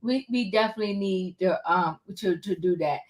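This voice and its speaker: A woman co-hosting a casual recap podcast, gossipy and animated, acting out what others said. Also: medium pitch, moderate pace. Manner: animated, gossipy, acts out quotes. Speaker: podcast co-host recapping a reality show. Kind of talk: casual chat.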